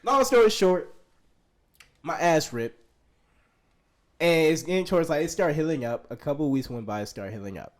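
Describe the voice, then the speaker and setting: A man's voice: fairly high pitch, expressive, moderate pace, long pauses. A young man in his twenties, co-hosting a podcast, telling a story in casual, profane slang and laughing often. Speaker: podcast co-host.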